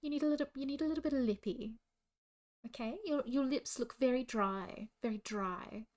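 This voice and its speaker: Woman playing a posh Australian mother, fussy, prim, scolding, lifted higher, loud and bossy. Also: natural voice. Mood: fussing. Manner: prim, scolding, drawn-out "darling".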